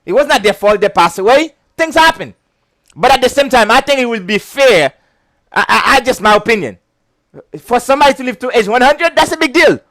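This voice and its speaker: Man, very high voice, animated pitch, casual chatty lecture. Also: fairly quick, no echo. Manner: chatty, keeps checking "okay?", breaks into giggles. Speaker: insurance licensing instructor.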